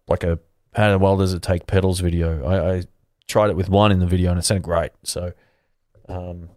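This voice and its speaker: A laid-back man with a fairly low voice chats on a live stream about guitar gear. He rambles and restarts his sentences in an easygoing way, and the sound is close and dry. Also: no room sound. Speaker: guitar channel host. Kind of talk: casual livestream chat answering viewers.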